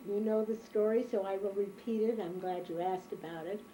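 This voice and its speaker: An older woman from Germany, recounting her memories in a reflective, unhurried oral history interview. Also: mid-range voice, steady tone, dark tone, slight background noise, low-quality recording.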